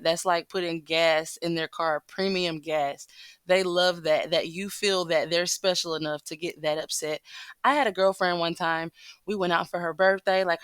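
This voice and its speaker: A woman's voice: fairly low pitch, a bit bright, clean tone, dry recording. A woman giving casual relationship advice, telling a story in a chatty way straight to her viewers. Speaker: commentator.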